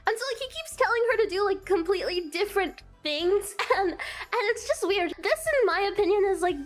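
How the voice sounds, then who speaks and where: A woman's voice: extremely high pitch, animated, fairly quick, soft background music. A young woman streamer giggling and rambling through a casual movie recap. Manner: giggly, rambling, with many restarts. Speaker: VTuber streamer.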